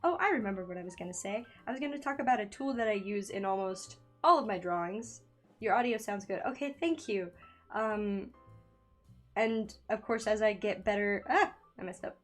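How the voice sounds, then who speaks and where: A woman's voice: medium pitch, lively intonation, normal speed, soft background music. A young woman streaming from a makeshift home setup, chatting nervously and giggling while she draws, often losing her train of thought. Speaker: streamer and digital artist. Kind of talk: casual live-stream chat while drawing. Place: home room by a window. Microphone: studio microphone in a makeshift home setup.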